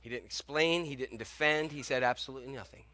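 A man with a mid-range, sharp-toned voice preaches quickly. As a pastor, he talks conversationally, quizzing the congregation and telling stories.

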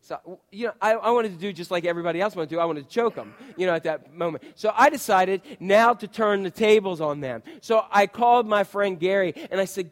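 A man preaching with a fairly high voice, telling stories and often asking the congregation questions. His words ring out with a long reverb from a large sanctuary. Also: fast, few pauses. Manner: storytelling, asks the congregation questions. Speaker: pastor. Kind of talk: sermon with personal stories.

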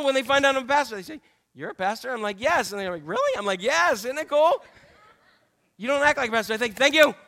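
A middle-aged male pastor preaching a candid, self-deprecating sermon full of jokey asides and sudden high exclamations. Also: pushed and bright. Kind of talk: humorous conversational sermon.

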